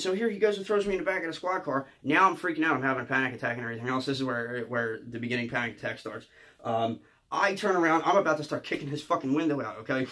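Fast-talking Philly man telling a story. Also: mid-range voice, sharp tone. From Philadelphia area. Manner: rambling, profane, tags lines with "okay?". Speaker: comedian. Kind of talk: storytime monologue.

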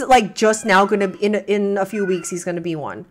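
A woman's voice: mid-range voice, fairly quick. A young woman reaction streamer chatting at home, gushing and rambling with many restarts. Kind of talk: casual chat.

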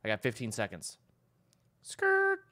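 Lively, rambling young male streamer. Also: medium pitch, unhurried. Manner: rambling, profane, exclaiming. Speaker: livestreamer. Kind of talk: casual stream chatter.

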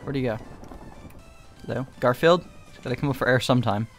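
A young man playing along as co-player, excitable and teasing, with sudden shouts in casual gameplay commentary. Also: mid-range voice, brisk, faint music behind.

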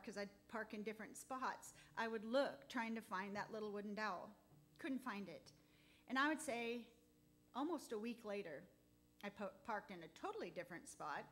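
A woman giving a heartfelt, halting testimony in church, close to tears at times. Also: on the high side, a bit bright. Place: church sanctuary.

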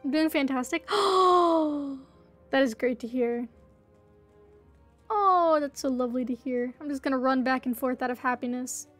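A woman's voice: high-pitched, unhurried, pauses often, fairly bright tone, soft background music. A woman livestreaming a game, chatting casually and playfully pleading with other players. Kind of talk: casual gameplay livestream chat.

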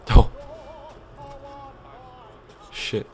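A man's voice: very slow, a little mellow. A man giving jokey, sweary live gameplay commentary. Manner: sweary, jokey, reacting aloud.

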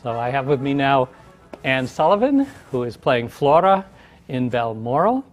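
Hesitant guy hosting a community tv interview, mid pitch, lots of uhs. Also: very animated, moderate pace, soft background music. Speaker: theater company president and host.

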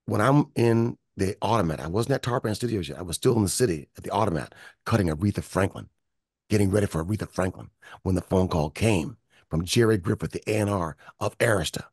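As a guest in a storytelling interview, a Michigan music producer talks fast in a deep, slightly rough voice. He animatedly acts out the voices of people he quotes, recorded at studio quality with no room sound.

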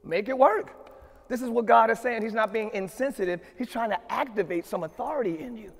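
High-voiced pastor preaching in a reverberant hall. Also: male voice, fairly quick, vocal fry. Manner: preaches with rising shouted emphasis and repeated refrains. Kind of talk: sermon. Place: church sanctuary.

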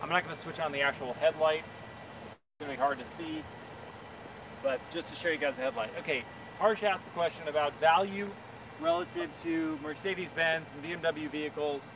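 On a live stream, a car reviewer answers questions outdoors beside a car, his slightly high voice lively in intonation and a little fast. He's talkative and opinionated, sharing frank views with fillers in casual chat. A phone camera picks him up from a bit of a distance, and background noise comes through clearly.

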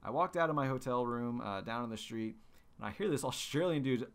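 This young man's mid-range voice is animated and brisk as he hosts his podcast. He tells stories in a casual, rambling monologue packed with fillers and restarts.

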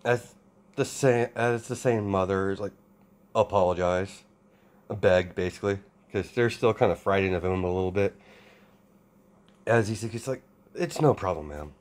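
A man improvising fan-fiction narration in a casual, halting way, with many restarts and fillers. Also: sits low, steady tone. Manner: hesitant, full of restarts and fillers. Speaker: storyteller.

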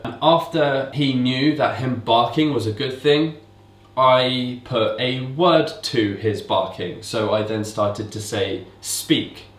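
A man casually explaining how to train a dog in a relaxed, explanatory way, recorded indoors at home. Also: medium pitch, far from the mic. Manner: relaxed, explanatory, repeats commands to mimic owners. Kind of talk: casual instructional talk. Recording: roomy echo, speaker away from mic.

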